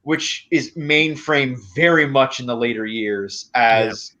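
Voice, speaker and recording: A man's voice: medium pitch, slow pace, bright, forceful tone, lo-fi sound. A man chatting casually as a guest, rambling through long analytical points. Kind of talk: casual chat.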